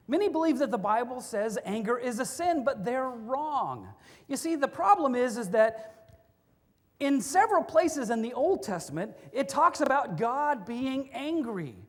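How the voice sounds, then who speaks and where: A pastor giving a sermon in a conversational way, mixing in humorous stories. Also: sits high. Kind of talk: sermon with storytelling. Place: church. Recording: long reverb of a church hall.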